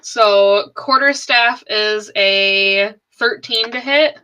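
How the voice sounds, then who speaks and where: A woman playing a tabletop game, talking in a chatty, animated way as a player. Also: medium pitch, extremely slow, clean tone, low-quality recording.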